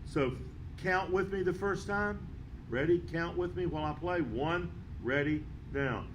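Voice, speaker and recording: A man teaching a band lesson, counting beats aloud and explaining rhythm in a steady, patient way. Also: sits high, moderate pace, a little hiss or hum, low-quality recording. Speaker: music teacher.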